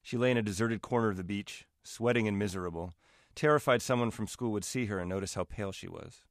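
A man, the author, giving a wry, measured reading of his own fiction. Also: fairly low pitch, no room sound, studio quality. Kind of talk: literary reading.

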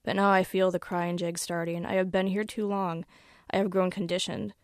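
A woman author reading her own story aloud in a wry, deadpan first-person voice. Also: on the low side, normal speed, dry recording, studio quality.

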